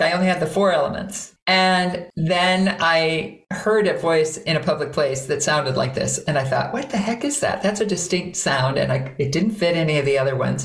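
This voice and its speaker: A middle-aged woman, a voice coach, talking in an interview and demonstrating sounds with sudden loud bursts. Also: low-pitched. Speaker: voice coach guest. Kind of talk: conversational interview. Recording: roomy echo.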